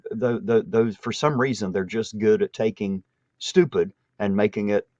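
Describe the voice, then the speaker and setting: A man's voice: fairly low pitch, steady tone, moderate pace, a little mellow, no room sound. A man hosting a casual livestream, greeting viewers, reading chat aloud and joking dryly. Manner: dry, playful, greets viewers and reads chat. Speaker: livestream host. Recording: dry muffled lo-fi audio.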